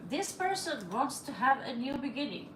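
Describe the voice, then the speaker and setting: A woman for whom English is not her first language reads tarot cards on a live stream, loose and chatty, laughing between cards. She talks slowly with a slightly high voice. The room rings with echo over a faint background hum. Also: sing-song. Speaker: tarot reader. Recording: echoey room with faint ambient noise.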